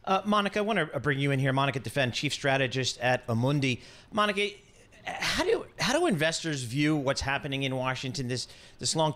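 A man hosting a live radio show at a rapid clip, jokey and brisk as he brings guests in and out. His pitch sits squarely in the middle for a man. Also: a bit bright. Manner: brisk, jokey, quick to hand over.

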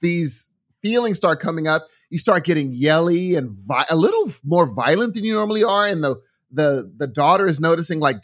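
Middle-aged guy rambling through a story on a podcast, kinda high voice, keeps restarting his sentences. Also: expressive, moderate pace, fairly bright tone. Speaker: podcast co-host. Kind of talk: casual chat.

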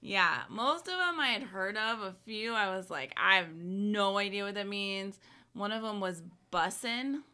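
A bright-toned woman in casual conversation, leaning on "like" as she talks and giggling often. Her voice sits at an ordinary pitch and carries a clear, forward edge. She comes across as a relaxed podcast co-host. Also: a little slow. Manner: chatty, giggly, many "like" fillers. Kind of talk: casual chat.

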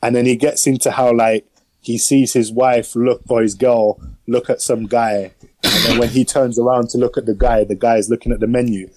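A man's voice: mid-range voice, flat delivery, moderate pace, a little mellow, poor audio. A man hosting a podcast, rambling about a film in slangy casual chat with lots of fillers. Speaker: podcast host.

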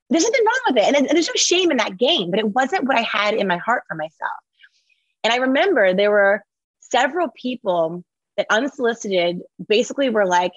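Energetic, husky-voiced woman guest. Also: fairly high pitch, a little fast, dry recording, lo-fi sound. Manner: energetic, emphatic, motivational. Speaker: guest, author and entrepreneur. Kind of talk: conversational interview.

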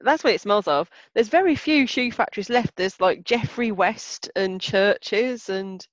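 A woman's voice: mid-range voice, measured pace, no echo. A woman with a mild Black Country accent hosting a casual podcast chat, giggly with wry asides. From Black Country, England. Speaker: podcast host. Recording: dull lo-fi sound.

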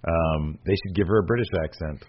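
A man co-hosting a podcast in casual chat, rambling and animated, with many fillers and restarts. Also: low-pitched, fairly quick. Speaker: podcast co-host. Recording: slightly muffled lo-fi audio.

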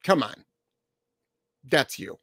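A man's voice: slow, fairly bright tone, no room sound, studio quality. A man hosting a podcast as a dog trainer, answering listener questions in a blunt, emphatic, profane way.

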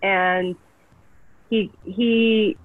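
An actress from Canada, a guest telling gushing, enthusiastic stories in a casual interview. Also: female voice, mid-range voice, fairly even intonation, very slow, no echo. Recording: tinny phone-like line, dry.

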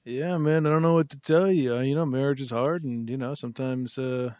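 A man's voice: mid-range voice, steady tone, fairly quick, darkish tone, no echo, studio quality. A man improvising a weary trader in a comedy sketch, rambling and hesitant. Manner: rambling, hesitant, full of ums.

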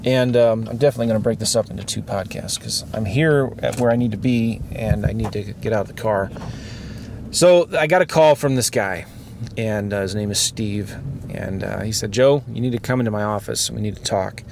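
A man's voice: lowish voice, moderate pace, creaky, a little mellow, slight background noise. Man confessing on his podcast from a car. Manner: earnest, rambling and confessional, with frequent fillers. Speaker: podcast host. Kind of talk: candid podcast monologue. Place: inside a car.

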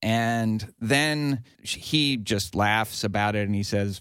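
A man with a fairly low voice talks through a film's opening scene in a relaxed discussion, filling gaps with "uh" and "like." The sound is dry and close to the mic. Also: unhurried, hardly any pauses, clean tone, no echo. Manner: long retelling of a story with acted quotes, many fillers. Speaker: podcast panelist. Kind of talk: casual film discussion.

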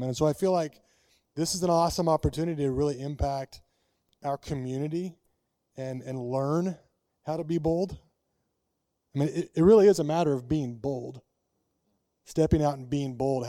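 An earnest, upbeat man with a slightly higher, mellow voice who restarts and repeats words as he talks. The sound is dry and close. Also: no echo. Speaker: panel moderator. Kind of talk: casual panel talk.

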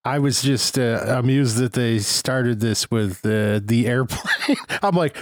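A man's voice: mid-range voice, slow, no room sound, studio quality. A man who studies film, co-hosting a podcast, hesitant and amused with many fillers. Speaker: podcast co-host, film student. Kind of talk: casual podcast chat.

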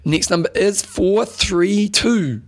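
A man's voice: sits high, slow pace. A man co-hosting a casual podcast, joking as he reads out names. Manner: jokey, playful, reads out names. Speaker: podcast co-host. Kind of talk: casual chat.

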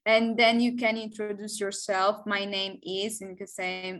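Hesitant woman speaking slowly. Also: medium pitch, little pitch movement, a bit bright, low-quality recording. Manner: hesitant, searching for words, laughs often. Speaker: podcast guest, singer. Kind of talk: casual interview chat.

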